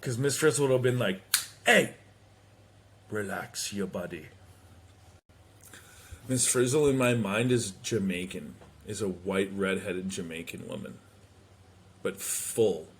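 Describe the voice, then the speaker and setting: A man with a slightly husky voice tells a comic story on his podcast. He talks slowly and loosely, swears freely, and breaks into quick impressions of the people he describes. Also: deep voice. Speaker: podcast host. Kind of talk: casual comedic monologue. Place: home.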